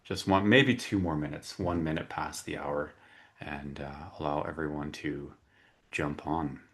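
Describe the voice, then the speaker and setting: A very low-voiced man opens a webinar over a video call. He talks casually, with plenty of filler words and restarts. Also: fairly even intonation, a little slow, a bit bright. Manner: chatty, frequent fillers and restarts. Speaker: webinar host.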